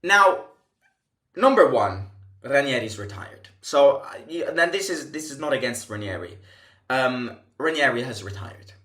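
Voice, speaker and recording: A man's voice: mid-range voice, animated, unhurried, bright, forceful tone. A man hosting a football fan channel, delivering an impassioned commentary rant full of emphatic rhetorical questions and frequent restarts. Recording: echoey room.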